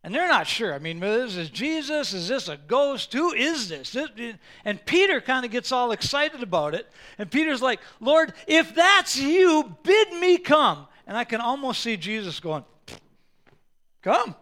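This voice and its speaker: A male pastor preaching a sermon, animated and acting out Bible scenes with props and quoted voices. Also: extremely high pitch, moderate pace, hardly any pauses.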